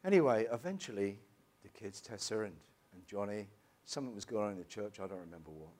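Halting man giving church testimony. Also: on the low side, expressive, darkish tone. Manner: emotional, halting, with frequent restarts. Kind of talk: personal testimony.

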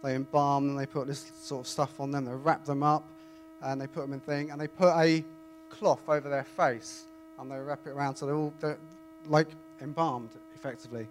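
A man reading scripture aloud and then preaching in a chatty, animated way to a congregation. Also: mid-range voice, normal speed. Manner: conversational, animated, self-interrupting. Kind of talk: Bible reading and informal sermon. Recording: faint mains hum.

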